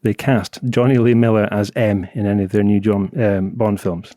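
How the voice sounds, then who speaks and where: A Scottish man chatting as a guest on a podcast, talking in an animated, laughing way. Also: lowish voice, moderate pace, no room sound, clean studio sound. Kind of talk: casual podcast chat.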